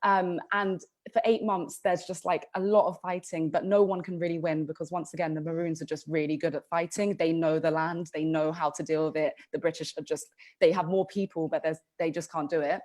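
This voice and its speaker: A woman's voice: sits low, fairly even intonation, fairly quick, darkish tone. Chatty woman podcast co-host. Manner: chatty, lots of ums and restarts. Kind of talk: casual history podcast storytelling.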